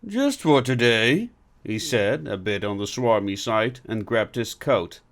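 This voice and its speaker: A man's voice: fairly low pitch, steady tone, a little slow. Man narrating a dramatic audiobook. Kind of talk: audiobook narration with character voices.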